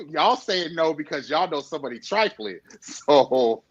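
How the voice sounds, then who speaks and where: A man's voice: on the high side, measured pace, breathy edge. Man telling a story, lo-fi sound. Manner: animated storyteller, laughs often. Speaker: interview guest. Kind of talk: conversational podcast interview. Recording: dull lo-fi sound.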